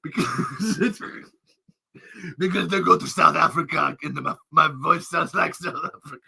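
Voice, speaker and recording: A man's voice: on the high side, moderate pace, gravelly, bright, forceful tone, slightly rough. A man hosting a podcast in casual, rambling chat, laughing often and jumping between tangents. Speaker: podcast host.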